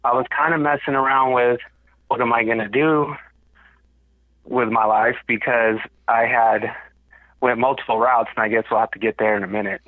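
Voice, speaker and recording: A man's voice: mid-range voice, fairly even intonation, normal speed, dry recording, narrow, tinny audio. A man with a Southern US accent, chatting as a podcast guest in an easygoing, rambling way. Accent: Southern US picked up in Alabama. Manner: easygoing, rambling, many fillers. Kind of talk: casual chat.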